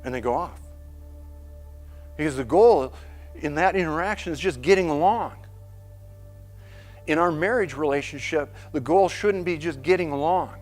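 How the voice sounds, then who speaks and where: An earnest man leads a marriage lesson, his voice sitting a bit high for a man. He teaches through small stories and briefly acts out the people in them. Soft music plays faintly underneath. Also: normal speed, long pauses. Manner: earnest, storytelling, acts out scenes. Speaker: marriage course presenter. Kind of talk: teaching with anecdotes.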